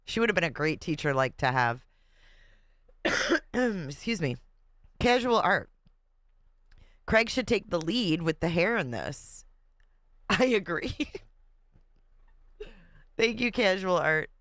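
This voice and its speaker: Chatty host with a smooth, dry voice. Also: medium pitch, big pitch swings, measured pace, long pauses, fairly bright tone, no echo. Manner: chatty, laughs often, reads comments aloud. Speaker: livestream host. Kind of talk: casual livestream chat reading viewer comments.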